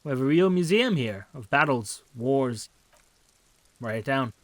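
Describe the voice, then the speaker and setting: A man's voice: mid-range voice, expressive, unhurried, no room sound. A man narrating a detective game, reading the text aloud in a casual way with wry asides. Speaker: game streamer.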